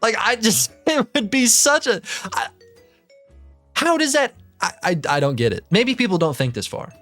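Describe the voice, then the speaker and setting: A man's voice: high voice, sing-song, moderate pace, fairly bright tone, faint music behind. A young man in his twenties doing casual reaction commentary, ranting in an exasperated way with plenty of swearing, stammered restarts and laughter. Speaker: commentary YouTuber.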